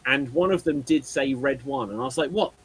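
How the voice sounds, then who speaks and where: A man's voice: mid-range voice, fairly quick, husky, low-quality recording. A man hosting a live geek panel show, chatting animatedly and often restarting his sentences. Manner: animated, trips over words and restarts. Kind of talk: casual panel chat on a live stream.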